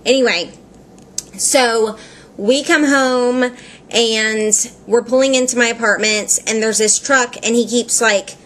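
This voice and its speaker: A woman's voice: fairly high pitch, fairly even intonation, slow, fairly bright tone. A woman vlogging in a chatty, rambling way, laughing often and filling her speech with "like" as she tells a story. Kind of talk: casual storytelling vlog.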